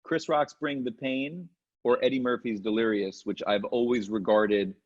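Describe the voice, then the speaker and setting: A middle-aged comedian telling lively stories in an interview, slipping into quick impressions. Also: male voice, medium pitch. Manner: animated anecdotes with quick impressions. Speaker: comedian guest. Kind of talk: storytelling interview chat. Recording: muffled lo-fi audio.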